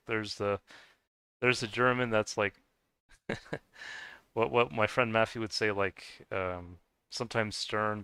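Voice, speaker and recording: A man's voice: lowish voice, sharp tone, clean tone, no echo. A man streaming a game and chatting casually with viewers, rambling with many fillers and restarts and chuckling often. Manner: chuckles often between remarks. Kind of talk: casual chat while gaming.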